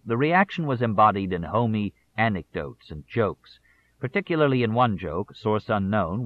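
Male audiobook narrator, lowish pitch, measured delivery, tinny phone-like sound. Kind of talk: scripted narration.

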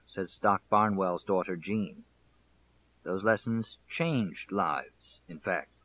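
A man narrating a nonfiction audiobook in a measured, deliberate way. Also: lowish voice, a bit bright, rough recording.

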